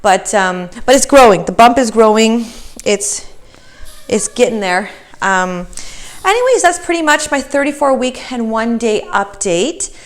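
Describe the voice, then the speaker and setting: A woman's voice: on the high side, animated, a little slow. A pregnant woman in her thirties giving a casual vlog update, chatty and slightly out of breath, with many fillers and restarts. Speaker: vlogger.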